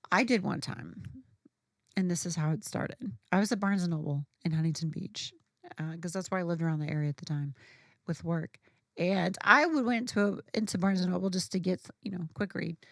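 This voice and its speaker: Chatty woman with a gravelly fry. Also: on the low side, moderate pace, no echo, studio quality. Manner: chatty and profane, with frequent fillers and re-enacted dialogue. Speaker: guest telling a personal story. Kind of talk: casual storytelling conversation.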